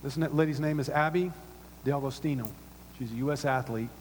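A man's voice: medium pitch, brisk, slight background noise. Preaching man in a big echoing hall. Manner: animated preaching, drops to soft asides, repeats words. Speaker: pastor. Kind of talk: sermon. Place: church auditorium. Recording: long reverb of a large hall.

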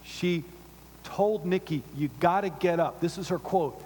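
A man's voice: high-pitched, a little slow, husky. Preaching man in a big echoing hall. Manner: animated preaching, drops to soft asides, repeats words. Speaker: pastor. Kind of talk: sermon. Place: church auditorium. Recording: long reverb of a large hall.

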